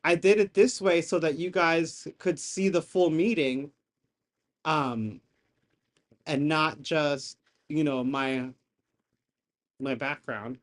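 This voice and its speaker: A man hosting a casual live reaction stream from his home setup, excitable and rambling, swearing as he rants into a desk mic. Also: on the high side, slow, long pauses. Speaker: livestream reaction host. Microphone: desk microphone.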